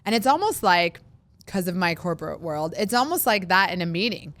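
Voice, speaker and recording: A woman in her thirties hosting a solo podcast, talking casually and animatedly, acting out worried voices in quick asides. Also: fairly low pitch, expressive, a bit bright, no room sound. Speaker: podcast host.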